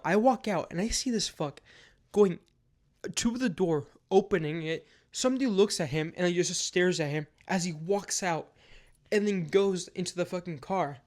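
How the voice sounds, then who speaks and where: Young guy telling a storytime, kinda high voice, lotta "like"s and cussing, just rambling along. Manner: rambling, filler-heavy, swears freely. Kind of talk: casual storytime.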